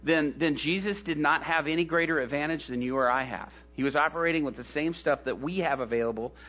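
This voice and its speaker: A man who is a pastor, telling a story in a sermon in an animated way, acting out voices and chuckling as he goes. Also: a little high, fairly quick. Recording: dull lo-fi recording with faint hum.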